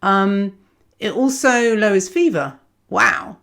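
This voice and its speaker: A woman's voice: medium pitch, expressive, takes it slowly, creaky, fairly bright tone. Woman, astrologer, casual digressive delivery, self-deprecating. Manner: rambling, digressive, self-mocking, laughs often. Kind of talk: casual chatty astrology reading.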